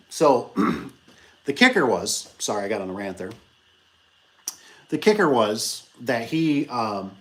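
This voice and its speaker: Man, small business owner, casual rant, animated, acts out quotes. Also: mid-range voice.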